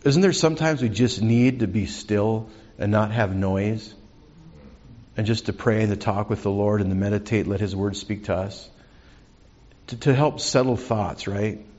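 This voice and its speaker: A man's voice: on the low side, normal speed, darkish tone, lo-fi sound. A man preaching a sermon as pastor, conversational, asking the congregation questions.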